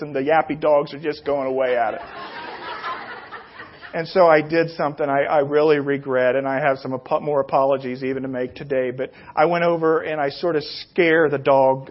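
A middle-aged man preaching a sermon, telling rambling, self-deprecating personal stories that grow loud and excited in the retelling. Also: on the high side, lo-fi sound. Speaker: pastor.

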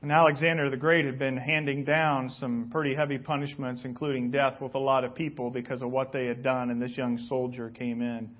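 A male pastor giving a sermon, telling stories dramatically and slowly. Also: mid-range voice, flat delivery. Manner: dramatic storytelling, slow and deliberate. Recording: dull lo-fi recording.

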